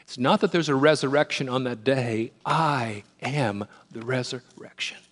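A preacher putting on a hushed, tender Jesus. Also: male voice, medium pitch, a little slow. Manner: soft, hushed reassurance. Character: gentle, tender adult male Jesus.

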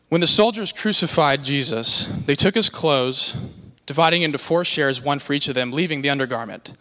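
An earnest man reads scripture aloud in a bright, forceful voice that sits a little high for a man. Now and then he trips over a word. The sound carries a long hall reverb. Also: fairly quick, few pauses. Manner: earnest, stumbles on a few words. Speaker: scripture reader. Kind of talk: scripture reading.

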